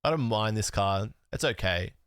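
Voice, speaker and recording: A man's voice: on the low side, expressive, normal speed, a bit bright, clear, resonant tone, dry recording, studio quality. A young man streaming from home, chatting casually with lots of fillers, swearing and rambling as he sorts his cards. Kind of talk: casual live-stream chat.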